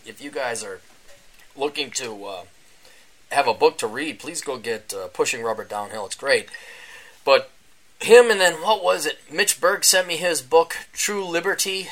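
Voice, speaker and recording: A man hosting a casual solo podcast, rambling and sarcastic, often mocking other people in a high voice. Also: pushed and bright. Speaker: podcast host. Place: indoors during a power outage.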